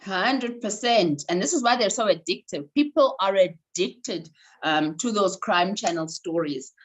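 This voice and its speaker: A woman from South Africa hosting an online session, telling a personal story with many fillers and lively emphasis. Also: medium pitch, unhurried, poor audio. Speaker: speaker and workshop host.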